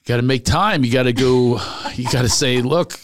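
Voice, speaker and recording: A man, a stand-up comic, chatting casually and telling animated stories, acting out the people he quotes. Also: medium pitch, moderate pace, a little hiss or hum. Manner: animated storyteller, acts out quotes. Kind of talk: casual podcast chat.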